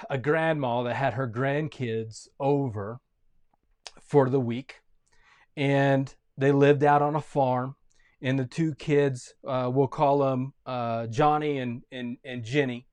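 A pastor giving a sermon, telling a story with lively energy and frequent restarts. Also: male voice, mid-range voice, slow pace.

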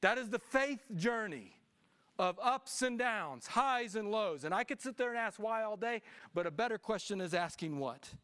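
A middle-aged man preaching a sermon as pastor, animated and swinging between hushed lines and shouts. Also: sits high, normal speed, clean tone.

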